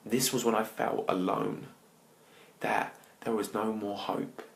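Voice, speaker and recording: A man, a motivational speaker, telling his personal story to an audience with dramatic pauses, often dropping his voice to near-whispers. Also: lowish voice, steady tone, vocal fry, poor audio.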